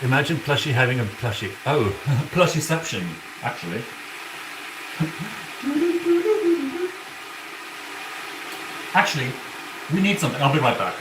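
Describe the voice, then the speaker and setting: A man's voice: on the high side, very animated, a little slow, pauses often. A man doing a campy demon owl prince. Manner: campy, theatrical, giggly, calls chat darling. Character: flamboyant aristocratic male owl demon prince. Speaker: cosplay streamer. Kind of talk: in-character cooking livestream. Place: apartment kitchen. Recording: echoey kitchen with background noise.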